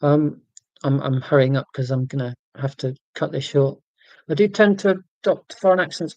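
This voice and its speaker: Monotone English man in his forties. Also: fairly high pitch, dry recording, rough recording. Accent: English, near London. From England, near London. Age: 40s. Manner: monotone, careful and deliberate about being clear. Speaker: livestream host. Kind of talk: casual livestream chat, reading out viewer comments.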